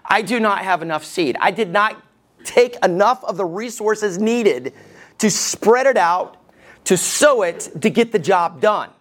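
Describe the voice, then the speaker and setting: A man's voice: high-pitched, lively intonation, unhurried, fairly bright tone. Male pastor preaching, chatty and sarcastic, keeps asking the room if they follow him. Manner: conversational, joking, checks in with the congregation. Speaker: lead pastor. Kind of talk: sermon.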